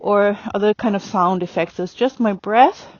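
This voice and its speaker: A woman's voice: medium pitch, moderate pace, no room sound, muffled recording. A woman riding instructor talking through a demonstration on horseback outdoors, chatty with lots of fillers, calling commands to her horse.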